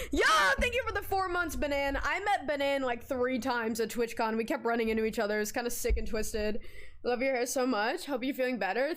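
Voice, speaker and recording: High-voiced, animated young woman streamer. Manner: animated, swearing, dramatic storyteller. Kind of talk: casual live-stream chat.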